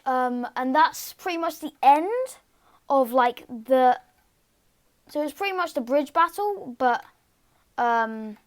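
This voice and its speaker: A woman casually retelling a fan story in a rambling, halting way, full of fillers and restarts. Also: high voice.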